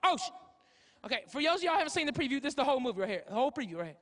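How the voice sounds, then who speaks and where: High-voiced male comedian, loud and profane. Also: very animated, rapid-fire. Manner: loud, profane, storytelling with shouts. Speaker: stand-up comedian. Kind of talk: stand-up comedy set. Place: comedy club stage. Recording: live club with audience noise.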